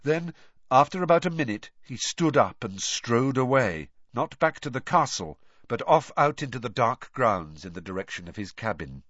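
A man reading a story aloud in a measured, expressive way. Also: mid-range voice, no echo. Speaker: audiobook narrator. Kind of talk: storybook narration. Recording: dull lo-fi, dry.

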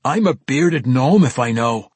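Frightened old dwarf, shaky and short of breath, talking in broken gruff dialect, raised husky voice, played by a male narrator. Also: medium pitch, animated, unhurried, no echo, voice pushed up. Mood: frightened, bewildered. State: gasping, shaken.

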